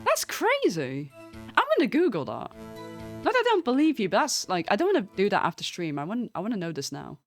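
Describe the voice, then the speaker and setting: Woman, live game-stream commentary, lively and chatty, laughs a lot, faint game music underneath. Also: mid-range voice, fairly quick. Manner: laughs often, chatty and animated.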